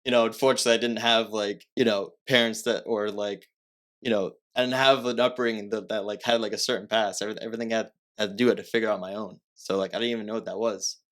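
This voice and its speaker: A young man with a slightly low voice tells a personal story as a podcast guest. His talk is casual and rambling, full of filler words, with restarts and self-corrections as he works his way through it. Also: fairly even intonation, fast, a bit bright. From Massachusetts.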